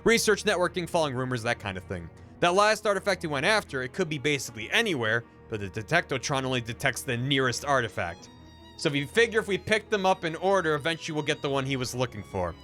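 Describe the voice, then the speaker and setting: A man's voice: fairly high pitch, animated, fast, sharp tone, faint music behind. A man streaming a game, reading its text aloud in a playful, jokey way.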